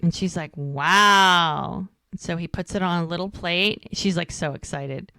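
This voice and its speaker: A woman's voice: lowish voice, moderate pace, no room sound, clean studio sound. A woman co-hosting a podcast, casually recapping an episode and acting out the characters' lines as she goes. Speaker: podcast co-host.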